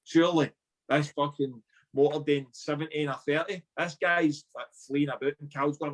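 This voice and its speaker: A Scottish former footballer with a fairly high voice speaks at normal speed as he casually tells a story. He's animated and swears, acting out the voices and dialogue of the people in it.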